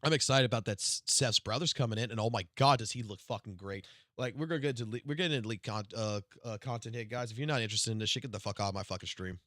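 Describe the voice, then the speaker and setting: Profane, excitable male game streamer. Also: on the low side, fast talker, no room sound, studio quality. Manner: profane, excitable, swings from mutters to loud outbursts. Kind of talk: live stream reaction rant.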